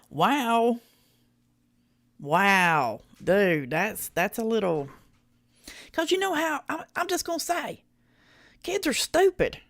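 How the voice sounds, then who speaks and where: A woman with a rural Southern US accent streams live to her chat. Her voice swings up and down in lively pitch and sounds close and dry. She talks in a blunt, folksy way, swears freely and laughs often. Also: dry recording. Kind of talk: casual live reaction stream.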